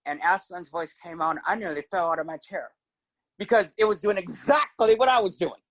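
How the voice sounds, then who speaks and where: A man's voice: sits high, a little fast, no echo, low-quality recording. A middle-aged man chatting as a guest, telling stories and now and then slipping into character voices. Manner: relaxed storyteller who slips into character voices. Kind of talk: casual chat.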